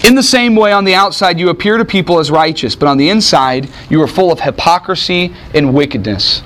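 A man preaching a sermon in an animated, conversational way, with sudden swings in how he delivers lines. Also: fairly high pitch, a little fast, slight background noise. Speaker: pastor.

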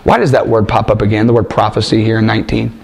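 A man's voice: lowish voice, flat delivery, fast, creaky, a little mellow. A man preaching a sermon and reading scripture, emphatic, asking rhetorical questions and repeating phrases for stress.

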